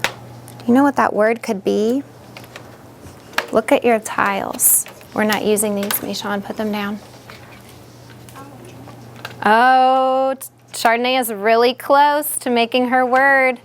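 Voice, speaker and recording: A patient, encouraging woman teacher speaking in a classroom, her voice sitting a little on the high side. She stretches words out syllable by syllable for young learners, with a faint hum of noise behind her. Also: fairly even intonation, takes it slowly, long pauses.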